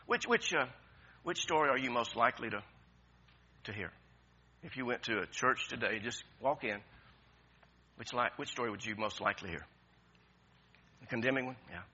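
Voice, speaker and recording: A man's voice: fairly high pitch, animated, normal speed, pauses often, pushed and bright, slightly rough, lo-fi sound. A man preaching a sermon with passion, repeating phrases and restarting often. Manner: impassioned, repetitive preaching with many restarts. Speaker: pastor.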